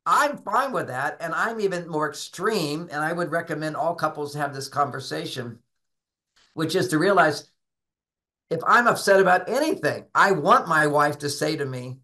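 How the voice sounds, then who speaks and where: Guy talking relationship advice, kinda high bright voice, tells little stories doing both voices. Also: expressive, moderate pace. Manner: tells anecdotes, acting out both sides of dialogues; emphatic, instructive. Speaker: relationship author and guest. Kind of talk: conversational advice talk.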